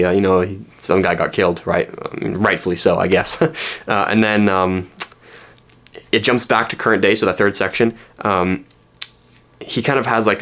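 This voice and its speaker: A man's voice: deep voice, fairly bright tone. A young man from Canada casually talking through his books in a vlog, rambling with lots of ums and restarts. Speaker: book vlogger. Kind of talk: casual spoken book vlog. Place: at home in fading daylight.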